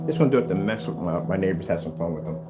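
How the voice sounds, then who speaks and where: A man's voice: low voice, lively intonation, very fast, loud music behind the voice. A man talking casually in a home workshop vlog, rambling and restarting, sometimes raising his voice to scold his cat. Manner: rambling, chatty, restarts often. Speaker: home theater screen maker.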